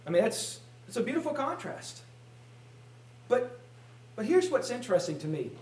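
High-voiced male preacher in a roomy hall. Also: very animated, moderate pace, darkish tone. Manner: emphatic, repeats words when stressing a point. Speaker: pastor. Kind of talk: sermon. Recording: roomy sound from a distant mic.

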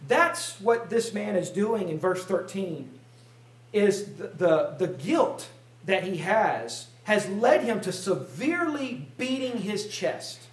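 Man preaching, high voice, emphatic, repeats words, roomy echo, mic at a distance. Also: big pitch swings, slow pace. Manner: emphatic, repeats words when stressing a point. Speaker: pastor. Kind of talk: sermon.

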